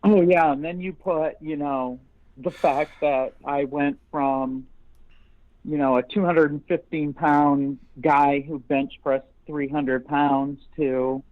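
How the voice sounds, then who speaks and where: A woman's voice: low-pitched, fairly even intonation, slow pace, no room sound. A woman from upstate New York, a guest in a casual interview chat, talking bluntly and swearing freely as she tells stories. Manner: blunt and profane, laughs while telling stories. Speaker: interview guest, radio host. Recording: dull, dry lo-fi podcast audio.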